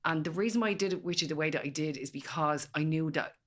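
Dublin irish woman, pretty low voice, chatty and emphatic, telling stories on a podcast. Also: quick pace. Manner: storytelling, emphatic, colloquial. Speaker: guest, empowerment specialist. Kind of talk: casual podcast chat.

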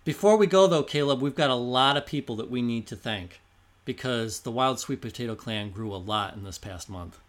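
A man's voice: medium pitch, moderate pace. A man co-hosting a history podcast, chatting casually, explaining and reading out listener names. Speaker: podcast co-host.

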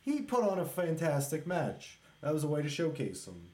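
A man chatting casually on a podcast, excitedly rambling about wrestling shows. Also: a little high, normal speed. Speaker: podcast co-host. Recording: echoey room.

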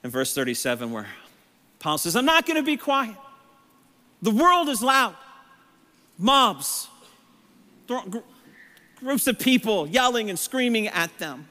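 Man preaching, scratchy strained voice, high and bright, long reverb in the sanctuary. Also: big pitch swings, unhurried, long pauses. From Texas. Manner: rising to shouted emphasis, rhetorical questions. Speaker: pastor. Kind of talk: sermon. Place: church sanctuary.

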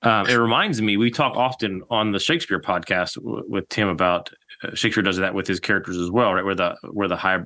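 A man hosting a podcast, thinking aloud in halting phrases as he asks questions. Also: deep voice, bright, forceful tone. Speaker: podcast host. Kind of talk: casual chat.

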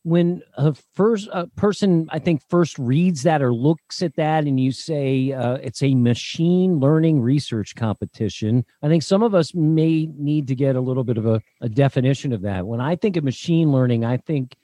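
A man's voice: fairly high pitch, moderate pace, hardly any pauses, mellow, no echo. Upbeat middle-aged male podcast host. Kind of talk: scripted podcast introduction.

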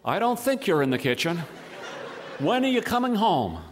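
Flustered male caterer, read by a man, earnest, pleading, high-pitched. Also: very animated, normal speed, slight background noise. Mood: bewildered.

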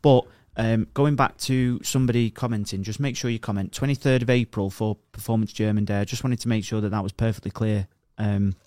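A man's voice: fairly low pitch, fairly even intonation, a little fast, hardly any pauses, darkish tone, no room sound, studio quality. A man co-hosting a podcast, blunt and teasing, swearing often. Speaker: podcast co-host. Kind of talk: casual banter.

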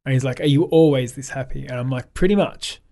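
A man's voice: medium pitch, fairly even intonation, fast, vocal fry, warm tone. Australian man, upbeat guest, laughs easily and acts out the dialogue in his stories. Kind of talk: casual interview chat.

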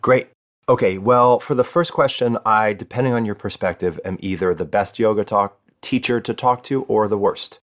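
A man in his forties, a yoga teacher, explaining things in a relaxed, self-deprecating way on a podcast. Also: fairly low pitch, moderate pace. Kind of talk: casual podcast conversation.

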